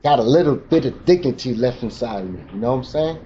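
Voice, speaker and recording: A man speaks at a recovery meeting, telling his own story in blunt, emotional street talk. His voice is warm and relaxed in tone. The recording is muffled and lo-fi, with faint noise underneath. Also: mid-range voice, quick pace. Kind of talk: personal testimony at a recovery meeting.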